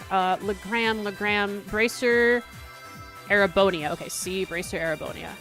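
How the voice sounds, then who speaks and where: A young woman livestreaming as she plays a quiz, chatting casually and thinking aloud with halting restarts. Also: mid-range voice, fairly bright tone. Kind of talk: casual livestream chat while playing a quiz.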